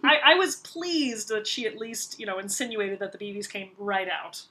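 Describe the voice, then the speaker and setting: A woman co-hosting a podcast in casual chat, animated and quick to act out her own reactions. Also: mid-range voice. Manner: animated, acts out reactions in quotes. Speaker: podcast co-host. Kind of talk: casual chat about a TV series.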